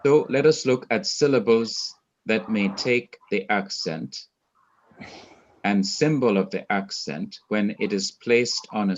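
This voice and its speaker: Slow, low-voiced Jamaican teacher lecturing. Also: male voice, dull audio. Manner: slow, methodical, lists points one by one. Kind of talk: recorded class lecture.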